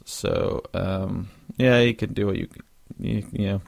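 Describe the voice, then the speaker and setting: A young man talks through a loose solo podcast, drifting between thoughts with plenty of ums and false starts. His voice sits low with a gravelly edge, and he yawns a bit as he goes. The sound is close and dry, with no room around it. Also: fairly even intonation, unhurried, a little mellow, no echo. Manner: rambling, frequent fillers and restarts. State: yawning, drowsy. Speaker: podcast host. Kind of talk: casual solo monologue.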